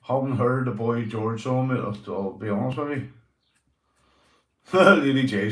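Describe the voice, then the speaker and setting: A Northern Irish man hosts a casual livestream and answers viewers' comments as they come in. He talks loosely and swears freely, and he keeps calling people mate. His voice sits at an ordinary pitch for a man, and the room around him sounds echoey. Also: unhurried, long pauses, fairly bright tone. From Northern Ireland. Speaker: livestream host.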